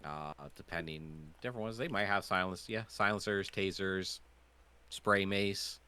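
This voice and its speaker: A man's voice: low-pitched, a little slow, bright, forceful tone, clear, resonant tone. A man running a tabletop game as game master, talking casually and thinking aloud.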